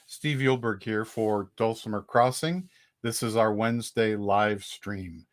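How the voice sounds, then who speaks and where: Male music teacher hosting a live stream, lowish voice, easygoing and chatty, counts and chants rhythms. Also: takes it slowly. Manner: relaxed, chatty, with small restarts. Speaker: dulcimer teacher and host.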